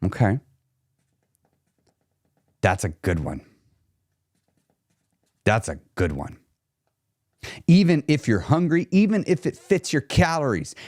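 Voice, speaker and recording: A man coaching on weight loss during a live chat stream, blunt and emphatic, repeating his key points, and going quieter when he talks about himself. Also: a little high, dry recording, studio quality.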